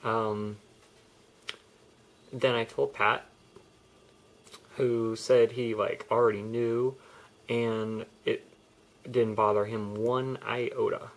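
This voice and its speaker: A man's voice: medium pitch, flat delivery, drawn-out words, long pauses. A young man telling a personal story in a candid, rambling vlog, often restarting his sentences. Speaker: vlogger.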